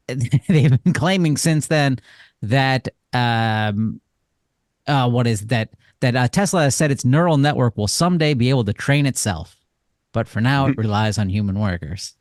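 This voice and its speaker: A man co-hosting a casual podcast, tossing off sarcastic jokes as he talks. His voice sits at an ordinary middle pitch. The sound is close and dry, with no room echo. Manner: joking, sarcastic asides. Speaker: podcast co-host.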